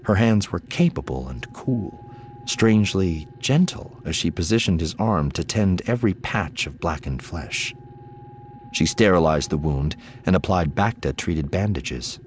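A man with a deep voice narrates an audiobook in a measured, expressive way. He takes his time and lets his pitch rise and fall freely. A faint noise sits under the recording. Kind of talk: scripted narration.

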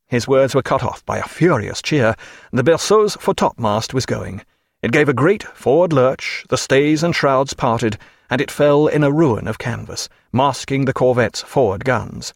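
A man reading an audiobook with steady, vivid storytelling. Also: medium pitch, normal speed, gravelly, no echo, clean studio sound. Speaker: narrator. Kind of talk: audiobook narration.

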